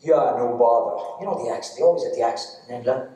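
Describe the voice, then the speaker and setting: A man's voice: medium pitch, very fast, warm tone. A man with an Irish accent telling comic stories on stage in a cheeky, teasing way. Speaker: stand-up storyteller. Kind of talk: live comic storytelling. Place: arts centre stage. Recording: echoey hall, distant mic.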